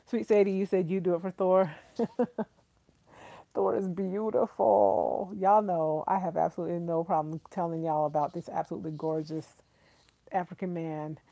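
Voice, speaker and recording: Chatty woman with a dark, mellow voice. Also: fairly low pitch, gravelly, no echo. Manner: chatty and effusive, laughs often, addresses viewers as y'all. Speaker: vlogger hosting a live stream. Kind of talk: casual live-stream chat, reading viewer comments aloud.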